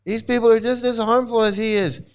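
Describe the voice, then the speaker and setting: A man's voice: extremely high pitch, fairly even intonation, a little fast. A man hosting angry reaction commentary, talking heatedly with a lot of swearing and repeating himself. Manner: heated, profane, repetitive. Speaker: commentary channel host.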